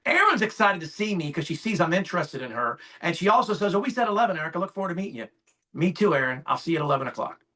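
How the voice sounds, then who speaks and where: Energetic man with a bright, forceful voice. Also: sits high, racing. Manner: animated, acts out both sides of client calls; gets fired up, emphatic. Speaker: insurance sales agent sharing tips. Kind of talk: casual call talk. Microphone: call audio.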